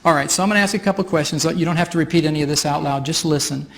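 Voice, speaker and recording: A man's voice: on the high side, rapid-fire. Man explaining a process on stage. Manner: explanatory, chatty, often laughing. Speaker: workshop facilitator. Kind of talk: live workshop demonstration. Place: stage before an audience.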